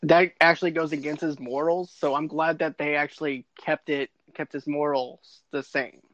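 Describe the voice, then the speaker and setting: A man co-hosting a casual TV recap podcast, chatty and quick to laugh. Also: a little high, steady tone, fairly bright tone, no room sound. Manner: chatty, laughs often, repeats words. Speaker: podcast co-host. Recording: dull lo-fi sound.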